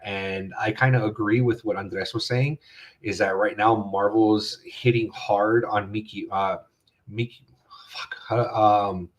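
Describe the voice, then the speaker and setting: Rambling low-voiced man on a podcast. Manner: rambling, many fillers and restarts. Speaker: podcast host. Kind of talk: casual chat.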